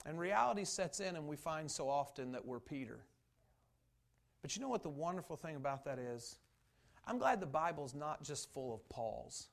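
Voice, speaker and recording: A man preaching a sermon as pastor, passionately acting out biblical dialogue and swinging from loud to hushed. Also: high-pitched, lively intonation, normal speed.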